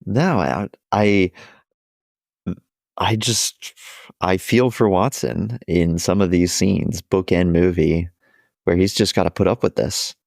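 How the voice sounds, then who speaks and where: A man hosting a podcast in casual chat, chatty and quick to laugh, sometimes restarting his sentences. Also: low-pitched, creaky, darkish tone, no echo, studio quality. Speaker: podcast host.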